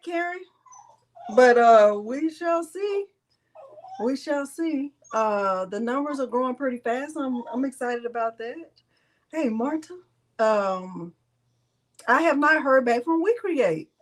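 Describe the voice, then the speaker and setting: A woman's voice: sits high, lively intonation, takes it slowly. A woman hosting a live crafting tutorial, chatting casually and teasing with frequent laughter. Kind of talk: casual live-stream chat.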